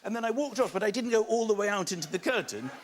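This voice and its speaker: A man in his forties, a comedian telling animated comic stories on a chat show. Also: high-pitched, fast talker. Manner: animated, acting out bits with put-on voices. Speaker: comedian guest. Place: TV studio with a live audience. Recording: broadcast studio with loud audience laughter.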